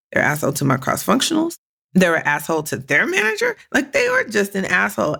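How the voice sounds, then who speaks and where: Woman podcast host, lively up-and-down voice, gravelly and husky, cusses a lot. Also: mid-range voice. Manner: blunt, profane and animated, with many quoted inner voices. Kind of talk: casual solo podcast talk.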